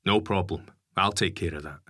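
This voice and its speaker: A man's voice: low voice, normal speed, pushed and bright, no room sound, studio quality. A man voicing a laid-back, protective father who talks in an easygoing, informal way.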